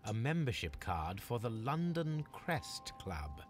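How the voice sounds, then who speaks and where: Sherlock Holmes, a formal Victorian detective. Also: male voice, medium pitch, very animated, soft background music. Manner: measured, formal. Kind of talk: game voice acting.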